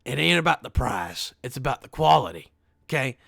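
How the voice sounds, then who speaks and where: A man's voice: mid-range voice, very animated, fairly quick, gravelly, a bit bright, dry recording, clean studio sound, exaggerated voice. A man voicing a boastful old male spa customer who rambles in a folksy, bragging way.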